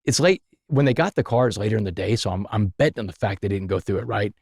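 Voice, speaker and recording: A man's voice: lowish voice, animated, fast, creaky, darkish tone, husky, dry recording, clean studio sound. A man, a podcast guest, telling his life story in a vivid, dramatic way.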